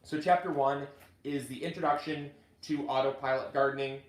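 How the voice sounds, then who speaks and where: A man hosting a casual gardening video, chatting in a halting way with many restarts. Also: mid-range voice, fairly even intonation, echoey room. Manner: chatty, halting restarts, gets choked up reading. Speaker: gardening channel host and author. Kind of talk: casual live video chat.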